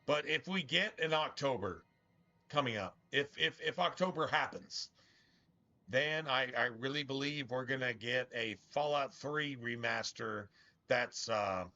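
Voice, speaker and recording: Bright-voiced rambling gamer man. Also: mid-range voice, unhurried, muffled recording. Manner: rambling, profane, slangy. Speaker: gaming streamer. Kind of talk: casual gameplay commentary.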